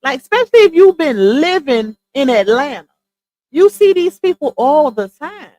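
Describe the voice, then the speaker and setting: A slightly high-voiced woman runs a casual gossip livestream from home. She talks straight to her chat in a loose, chatty way, calling her viewers "y'all" and "child". She speaks into a headset mic on her earphones. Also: very animated, moderate pace, warm tone, poor audio. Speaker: livestream host.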